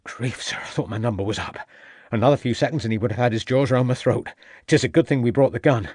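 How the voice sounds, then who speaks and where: A man's voice: medium pitch, fast, a little mellow, slightly rough, no room sound, clean studio sound, natural voice. A man voicing a loyal, plain-spoken police constable who keeps addressing his superior as sir. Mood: shaken, wry. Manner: deferential, says sir often.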